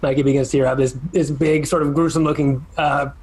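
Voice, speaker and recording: A man's voice: on the high side, flat delivery, fast talker, a little mellow, rough recording. A man narrating a live tabletop game as dungeon master, describing scenes in a rambling way with many fillers.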